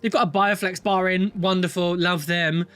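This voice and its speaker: A man doing reaction commentary as a vlogger, animated and dramatic, with gasps and blunt, scolding remarks. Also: high voice, moderate pace, clean tone, faint music behind.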